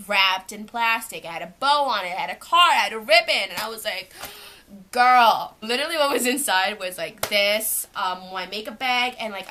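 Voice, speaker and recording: Chatting at home, a young Canadian woman shows viewers her school bag's contents in a loose, rambling way full of "like." Her voice is medium in pitch, pushed and bright.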